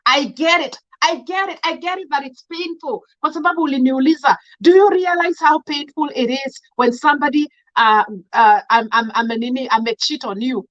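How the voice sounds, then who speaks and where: Kenyan woman, thirties, emotional vlog rant, code-switching, higher voice, muffled sound. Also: a bit bright. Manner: emotional, repeating herself, switching between English and Swahili; indignant, scolding. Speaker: vlogger. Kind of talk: impassioned commentary monologue.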